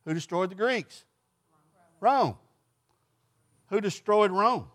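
A man's voice: high-pitched, lively intonation, slow, fairly bright tone. A man leading an informal Bible study class in a folksy way, putting questions to the group and answering them himself.

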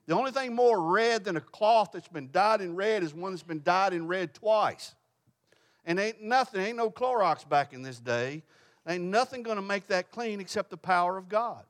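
A male pastor preaching a sermon, impassioned and pleading, slipping into colloquial asides. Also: fairly bright tone. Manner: impassioned, pleading, rises in pitch when quoting scripture. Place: church sanctuary.

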